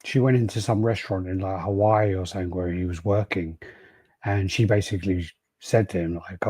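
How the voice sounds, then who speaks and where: A man's voice: low voice, steady tone, brisk, dark tone, husky, dry recording. A man hosting a casual podcast, rambling through stories, acting out quotes and swearing freely. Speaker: podcast host. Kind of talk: casual chat.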